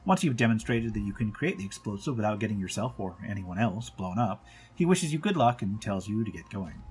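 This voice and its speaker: A man's voice: on the low side, expressive, brisk, a little mellow, slightly rough, soft background music. A man hosting a game playthrough, reading the game text aloud with casual asides. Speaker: let's-play host.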